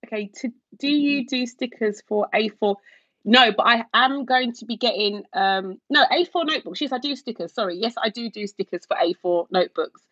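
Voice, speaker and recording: A woman's voice: fairly high pitch, moderate pace, fairly bright tone, no room sound, lo-fi sound. Chatty woman on a livestream. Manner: chatty, gushing, many fillers. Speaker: YouTube livestream host and shop owner. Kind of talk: casual livestream chat reading viewer comments.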